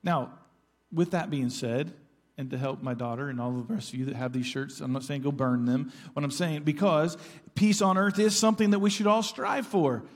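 A man's voice: fairly high pitch, moderate pace. A middle-aged man preaching a sermon as pastor, earnest and conversational, with asides to the congregation. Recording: church sanctuary with long reverb.

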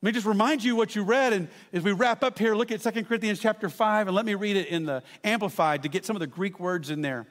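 High-voiced man preaching in a reverberant hall. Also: fast talker, few pauses. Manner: animated storytelling with asides to the congregation. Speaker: pastor. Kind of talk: sermon.

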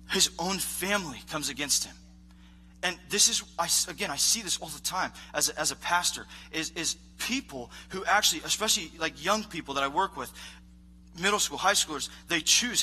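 A man preaching a casual, animated sermon as a youth pastor, acting out voices of characters. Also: on the high side, normal speed, slight background noise.

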